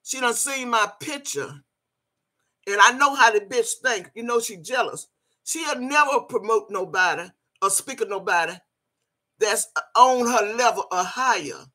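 A woman's voice: on the high side, expressive, normal speed, sharp tone. An older woman hosting a casual livestream, greeting viewers and scolding critics in a blunt, feisty way. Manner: greets chat viewers by name. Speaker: livestream host.

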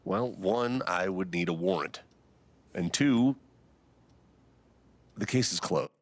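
A stern small-town sheriff from a story-driven video game with a low, deep voice. He questions a suspect in a slow, flat, no-nonsense way. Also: full character voice.

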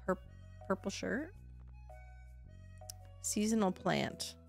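A woman's voice: mid-range voice, sing-song, takes it slowly, vocal fry, faint music behind. A young adult woman streaming a farming game, chatting sarcastically with her chat and swearing now and then. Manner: chatty, sarcastic, swears, yelps when panicked. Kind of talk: casual let's-play commentary to chat.

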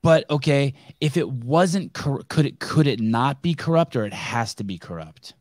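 Man, podcast host, mid pitch, stammering restarts, profanity, dry close sound. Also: lively intonation, darkish tone, no echo. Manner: halting, many restarts, swears freely. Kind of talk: casual interview chat.

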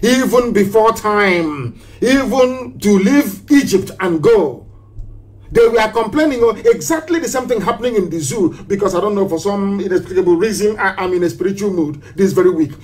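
A man's voice: high voice, lively intonation, moderate pace, darkish tone. A man giving a live broadcast speech as a political activist, impassioned and preachy, hammering home rhetorical questions and repetitions. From southeastern Nigeria.

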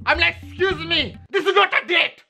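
A man's voice: very high voice, fairly even intonation, moderate pace, gravelly, sharp tone, soft background music, pitched above the performer's own voice, full character voice. A man playing a boastful older Pakistani dad with a Pakistani accent, who rambles and laughs at his own corny jokes.

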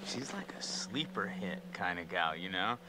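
Casting: cocky young jock, crude and mocking, game dialogue over noisy background. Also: male voice, low voice, expressive, moderate pace. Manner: mocking, boastful. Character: cocky crude young man, teasing friend. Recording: game audio with background noise.

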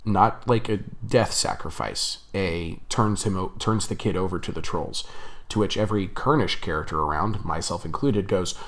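A young man telling a rambling story on his vlog, chatty and laughing often. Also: fairly low pitch. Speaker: vlogger.

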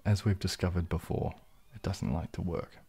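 Man, low voice, husky, mellow, soft-spoken livestream chat, drifts into whispers. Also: normal speed. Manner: relaxed, rambling, drops into whispers, reads chat aloud. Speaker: ASMR livestream host.

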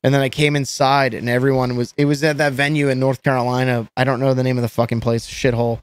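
A man's voice: mid-range voice, flat delivery, quick pace, smooth. A man telling stories as a podcast guest, rambling and swearing with many restarts. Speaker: guest musician. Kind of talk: casual storytelling chat.

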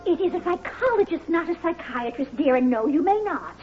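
An actress playing a fussy, devoted middle-aged secretary in a 1980s sitcom, prim and easily flustered. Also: female voice, very high-pitched, expressive, fairly quick, highs cut off, soft background music. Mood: fretful.

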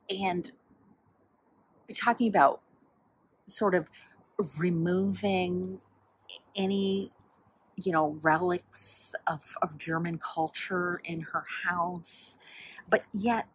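A woman's voice: on the low side, breathy edge, rough recording. A woman chatting casually about a book she read, rambling with many fillers as she flips through its pages to find examples. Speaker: book vlogger.

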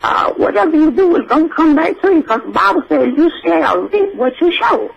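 Here a man pitches his voice very high and sing-song, a little fast and gravelly, to play an older, churchy grandmother for a comic call-in bit. The character is effusive and preachy, calls everyone sugar, and keeps crying out Lord and Jesus. The exaggerated performance is recorded with the highs cut off.

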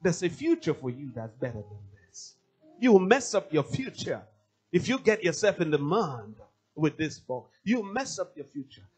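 A man's voice: high-pitched, darkish tone, husky. A male pastor preaching a sermon, emphatic and repeating his key phrases.

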